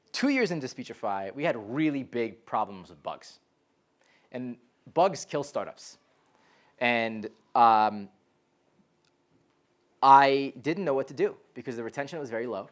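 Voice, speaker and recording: A young man giving a live talk to a college class as a startup founder, telling stories in a lively way, full of "like" and "um," and acting out quoted voices. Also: medium pitch, unhurried, pauses often. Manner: lively storyteller, frequent "like" and "um", animated quoted voices.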